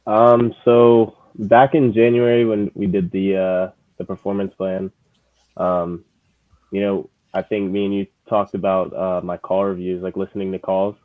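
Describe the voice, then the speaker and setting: A young man talks in a relaxed, halting way, full of fillers. His voice sits very low and stays flat. The sound is dry and tinny, like a phone line. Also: no echo. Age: 20s. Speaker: lead manager guest. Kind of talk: casual chat. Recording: tinny phone-like call audio.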